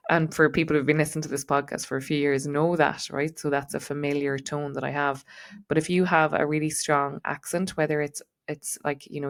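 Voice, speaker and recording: A woman's voice: sits low, vocal fry. A woman with a neutral Irish accent, giving a chatty solo podcast talk as host and coach, with frequent ums and likes. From Ireland.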